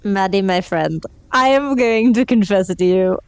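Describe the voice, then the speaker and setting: A woman's voice: medium pitch, normal speed, clear, resonant tone, no echo. A woman playing a tabletop game, voicing her drunk character in a bubbly, exaggerated way. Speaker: player.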